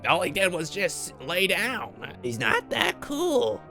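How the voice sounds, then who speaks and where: A man voicing a strange, detached teenage girl in a high breathy voice for a movie recap. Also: huge pitch swings, takes it slowly, pushed and bright, soft background music, heavily acted. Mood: eerie.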